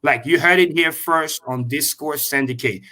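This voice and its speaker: A man on a video call explaining crypto with excitable, profane energy and repeating key points slowly for emphasis. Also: on the high side. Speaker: crypto show guest. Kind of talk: animated livestream explanation.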